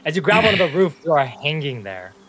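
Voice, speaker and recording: A man's voice: a little high, very animated, fast, a bit bright, a little hiss or hum. A young man narrating as game master, loose and chatty, breaking into chuckles as he describes the scene.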